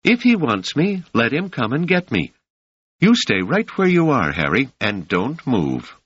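A man's voice: medium pitch, wildly swooping pitch, measured pace, a bit bright, husky, dry recording, pitched above the performer's own voice, exaggerated voice. A man reading an audiobook voices a young woman warrior who speaks firmly and with solemn resolve. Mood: urgent. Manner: firm and commanding. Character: brave young woman warrior, calm and honor-bound. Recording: dry, slightly muffled lo-fi audio.

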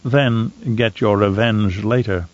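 A man doing a calm, calculating Mentat. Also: on the low side, no room sound, highs cut off. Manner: calm, measured, sly. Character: cold, calculating male Mentat advisor.

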